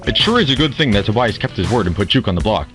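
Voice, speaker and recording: A man's voice: on the low side, big pitch swings, rapid-fire, fairly bright tone, soft background music. A man playing a suspicious, needling reality-show contestant in an improvised comedy audio drama, with a sarcastic, probing way of talking.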